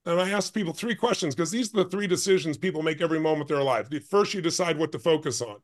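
A man telling a story as a podcast guest, his voice pitched somewhat high for a man. He talks with strong emphasis and rushes ahead in fast bursts. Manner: emphatic, intense, speeds up in bursts. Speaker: guest, life and business strategist.

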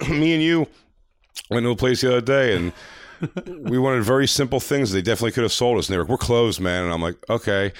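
A man's voice: medium pitch, quick pace, dry recording, clean studio sound. A man co-hosting a podcast, telling a long story in casual chat, full of fillers and acted-out quotes. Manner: rambling, filler-heavy, acts out quoted lines. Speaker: podcast co-host.

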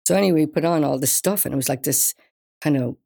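An older woman from Wales, a guest singer, telling an anecdote in a casual interview, animated and often laughing. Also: sits low, quick pace, creaky. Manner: animated storyteller, laughs often, restarts mid-sentence.

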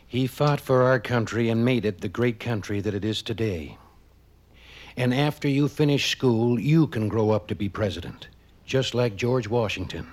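A man's voice: fairly low pitch, natural voice. A man impersonating a fatherly president. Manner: gentle, fatherly storytelling. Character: folksy male US president speaking to a child. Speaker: impressionist on a comedy album.

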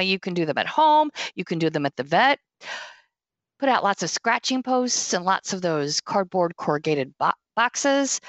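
A middle-aged woman hosting a podcast, giving casual pet-care advice in an earnest, gently insistent way, laughing easily. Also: medium pitch, no echo. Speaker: podcast host and pet sitter.

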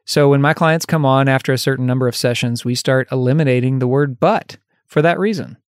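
Male life coach, solo podcast, conversational and candid, mid-pitched voice, dry close sound. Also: brisk, clean tone, no echo. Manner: conversational and candid, laughs at himself; lifts his voice when acting out example phrases.

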